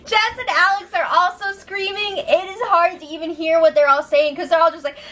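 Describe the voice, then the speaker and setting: A woman recapping a reality show in casual chat, animated, laughing often and acting out what people said. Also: very high-pitched, fairly quick. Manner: animated, laughing, acts out quotes, swears. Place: room at home.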